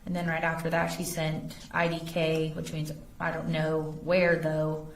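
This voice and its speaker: In courtroom testimony, a female investigator with a low, deep voice reads messages out in a calm, factual manner. The audio is roomy and distant, with the courtroom echoing and a faint hum underneath.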